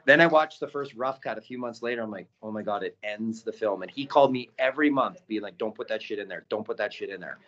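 A man talking as a podcast guest and documentary producer, telling stories in a casual, animated way and acting out quotes, with many "right?" tags. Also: lowish voice, fast, few pauses. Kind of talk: casual storytelling. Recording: dull lo-fi audio.

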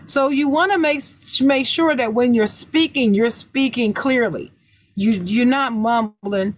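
A woman hosting a podcast, giving advice in a casual chat with a deliberately raised, emphatic voice that repeats key words. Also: a little high. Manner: deliberately raised, loud speaking voice. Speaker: podcast host.

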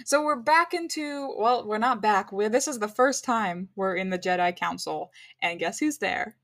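A woman's voice: mid-range voice, animated, moderate pace, a bit bright, no echo. A young woman co-hosting a casual podcast chat, asking dry, teasing questions. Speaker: podcast co-host.

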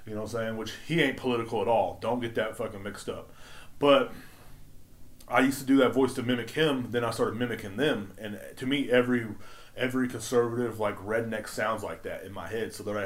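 A man's voice: medium pitch, fast. A man hosting his own podcast, ranting casually with heavy swearing and emphatic outbursts. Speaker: podcast host. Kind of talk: casual profane rant.

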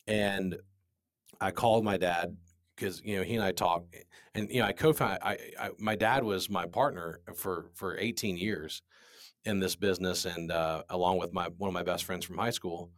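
Deep-voiced man telling an earnest story. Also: steady tone, moderate pace, no echo, clean studio sound. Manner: earnest, repetitive restarts, emphatic. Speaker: business owner guest. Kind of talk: candid storytelling interview.

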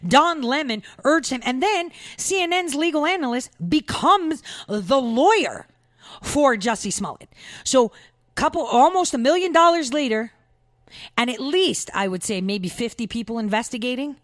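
A woman's voice: high-pitched, expressive, normal speed, no echo, clean studio sound. A woman hosting her own talk show, delivering a casual opinion monologue in a chatty, giggly way full of fillers.

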